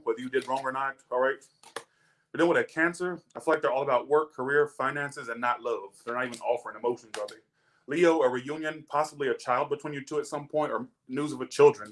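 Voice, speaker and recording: A man's voice: mid-range voice, fairly bright tone. A young man, chatting casually and animatedly as he tells stories and reads tarot, swearing freely. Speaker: tarot reader. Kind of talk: casual storytelling and tarot reading.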